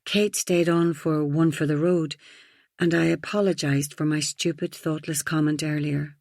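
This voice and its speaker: A woman narrating a first-person audiobook thriller in an even, reflective storytelling manner. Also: low-pitched, moderate pace, vocal fry, no echo, studio quality.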